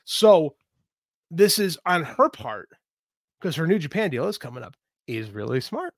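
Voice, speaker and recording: A man's voice: on the high side, very animated, measured pace, dry recording, studio quality. A man co-hosting a podcast, giving emphatic, ranting opinions in casual talk. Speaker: podcast co-host.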